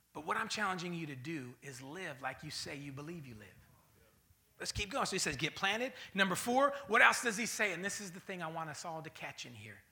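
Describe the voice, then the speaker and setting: A man preaching a sermon as pastor, swinging between loud bursts and mocking voices. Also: a little high, sing-song, brisk, vocal fry.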